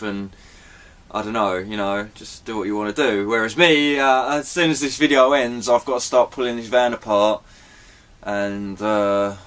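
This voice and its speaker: A man giving a rambling, apologetic vlog update, chatty and swearing now and then. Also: mid-range voice. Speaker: vlogger.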